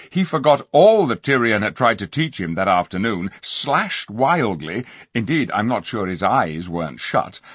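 A man narrating a storybook in an expressive, lively way. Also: lowish voice, unhurried, few pauses, husky, dry recording, clean studio sound. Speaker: audiobook narrator. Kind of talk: storybook reading.

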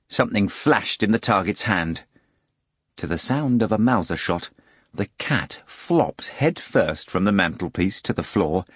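A man narrates a novel in the lively, swinging pitch of an expressive audiobook reader. His voice is fairly low and husky. The recording is dry and close, with no room sound. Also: no room sound. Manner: expressive storytelling with many voices.

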